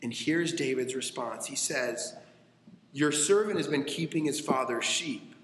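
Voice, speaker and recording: A man preaching a sermon, telling a story with animated voices, in a church with echoey hall reverb. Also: mid-range voice, unhurried. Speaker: pastor.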